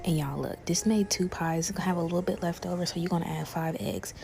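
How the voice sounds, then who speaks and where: A woman's voice: lowish voice, fast, gravelly, mellow, soft background music. A young woman, chatting casually to her viewers as she cooks, calling them y'all. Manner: chatty, talks straight to viewers, calls them y'all and besties. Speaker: cooking creator. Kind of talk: casual cooking vlog chat.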